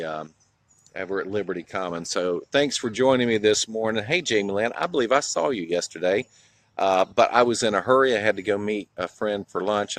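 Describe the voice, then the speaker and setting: Out in a small town, a male vlogger from North Carolina chats on a live stream in a low-sitting, slightly bright voice with a Southern accent. He keeps it casual, calling out viewers by name and laughing a lot as he reminisces.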